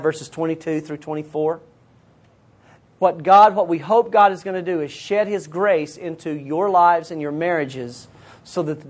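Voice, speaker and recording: A Bible teacher giving an earnest sermon to women, speaking to them directly and reading scripture passages aloud. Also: mid-range voice.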